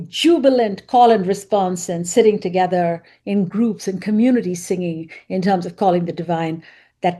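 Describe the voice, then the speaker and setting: A woman's voice: mid-range voice, darkish tone. A woman composer on a video call, explaining her work earnestly, often correcting herself mid-sentence. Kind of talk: video call panel talk.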